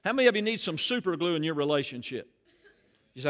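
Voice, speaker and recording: Man, pastor, bright forceful tone, slightly high pitch, animated preaching. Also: fast. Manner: animated preaching, rising loud on key phrases. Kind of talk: sermon. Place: church sanctuary.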